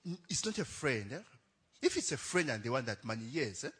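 A man's voice: medium pitch, very animated, fairly quick, fairly bright tone, slightly rough. A young adult man, a pastor telling a story in a chatty sermon, laughing often and tagging lines with "eh?".

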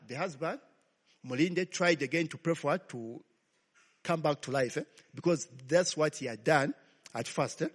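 Preaching with a fairly high, husky and slightly bright voice, a pastor relates a story and throws in "okay?" after nearly every line, call-and-response fashion. Long hall reverb surrounds the recording.

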